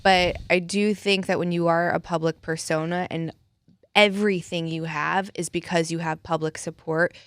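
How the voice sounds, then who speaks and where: A fairly low-pitched woman co-hosting a casual podcast, speaking frankly and thoughtfully with plenty of "like" fillers. The sound is dry and close. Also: fairly even intonation, normal speed, fairly bright tone, dry recording. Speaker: podcast co-host.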